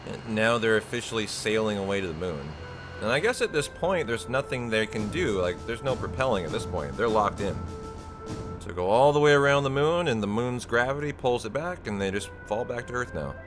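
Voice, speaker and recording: A man's voice: mid-range voice, expressive, brisk. A man chatting casually with his viewers while speedrunning a game live, rambling and laughing often. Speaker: speedrunner streamer. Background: game music.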